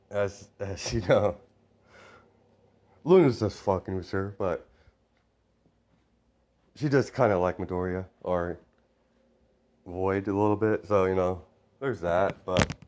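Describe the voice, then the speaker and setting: Brief: young adult man, deep voice, off-the-cuff rambling story narration. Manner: rambling, off-the-cuff, self-correcting. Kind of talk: improvised fan-fiction narration.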